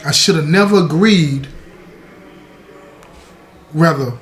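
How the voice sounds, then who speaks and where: A man's voice: fairly high pitch, slow pace. A man playing a remorseful stepfather who earnestly takes the blame. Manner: earnest, apologetic. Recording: roomy echo.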